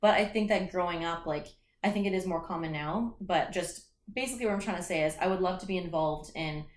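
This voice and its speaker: A soccer player and coach in her late twenties chats casually as an interview guest, talkative and full of "like" fillers and restarts. Her voice is on the low side and a little fast, in a reverberant space.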